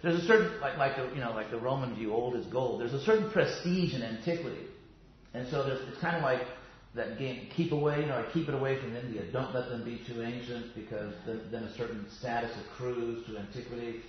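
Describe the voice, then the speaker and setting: Man, mid-pitched, loose rambling teacher, lots of fillers and restarts; classroom sound, slightly dull and echoey. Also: a little fast, slight background noise. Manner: chatty, digressive, many fillers and restarts. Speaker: yoga philosophy teacher. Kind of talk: casual classroom lecture.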